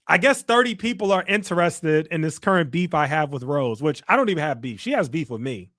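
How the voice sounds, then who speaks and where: A man's voice: a little high, expressive, a little fast, a bit bright, dry recording, studio quality. A man from the United States hosting a casual livestream, reading the chat aloud and teasing and mocking a viewer. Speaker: livestream host.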